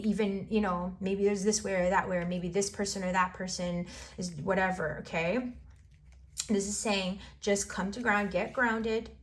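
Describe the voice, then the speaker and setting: Encouraging woman doing a tarot reading. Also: medium pitch. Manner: encouraging, rambling, repeats phrases. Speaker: tarot reader.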